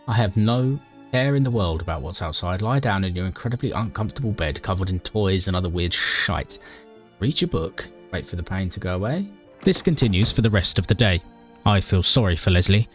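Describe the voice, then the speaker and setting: Dry mock-dramatic gaming narrator. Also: male voice, deep voice. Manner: dry, mock-dramatic, talks to his character. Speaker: gaming YouTuber narrating a playthrough. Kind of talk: comedic game commentary and narration.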